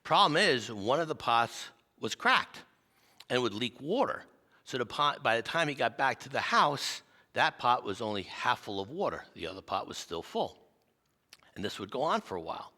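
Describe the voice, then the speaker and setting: A male pastor preaching with lively, self-deprecating stories. His bright voice swings up and down in pitch. Long reverb fills the church sanctuary. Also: moderate pace. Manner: animated, self-deprecating storyteller. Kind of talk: sermon with personal storytelling.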